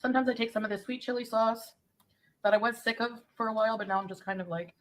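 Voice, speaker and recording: A woman's voice: fairly high pitch, fairly even intonation, fast talker. A woman doing a mukbang food review, chatting casually about each snack as she eats it. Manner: chatty, describing food while eating. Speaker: food vlogger.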